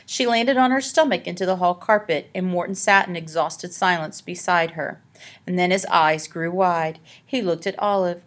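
Low-voiced woman narrating a spooky story. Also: moderate pace. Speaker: audiobook narrator. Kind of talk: scripted narration.

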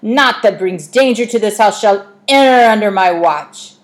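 A woman's voice: medium pitch, expressive, normal speed, voice pushed up, lightly acted. A woman voicing a swaggering male cat who plays at being a pirate, speaking in old-fashioned pirate talk. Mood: proud.

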